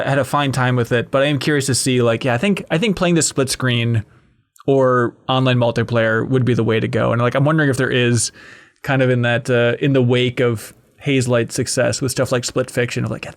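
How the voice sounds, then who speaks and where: A man hosts a loose roundtable about games in a voice of ordinary middle pitch. He talks chattily, piling up fillers and restarting sentences as he goes. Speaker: podcast host. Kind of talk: casual roundtable chat.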